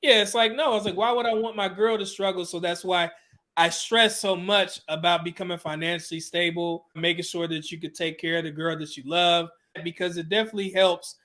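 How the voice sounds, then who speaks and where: A man's voice: sits high, steady tone, brisk, pushed and bright. A man telling a candid personal story in an interview, casual and loose, with many fillers and some swearing. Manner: casual, with frequent "you know" fillers and swearing.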